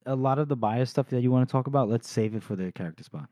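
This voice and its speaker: A man's voice: medium pitch, fast, mellow, no echo. A man hosting a casual book podcast, retelling the plot and often laughing. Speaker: podcast host.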